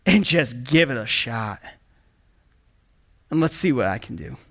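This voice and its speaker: A man preaching a sermon in an energetic, emphatic way, calling out to the congregation and dropping into hushed low asides. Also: unhurried. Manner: swings from excited bursts to hushed low asides. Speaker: pastor.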